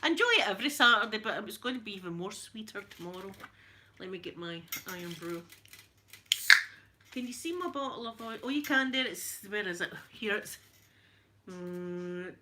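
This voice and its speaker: A middle-aged woman with a Scottish accent talks casually to her live stream, bright and clear in tone. She greets viewers by name between stories and laughs easily. A faint background hiss sits under her voice. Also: mid-range voice, normal speed. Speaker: vlogger.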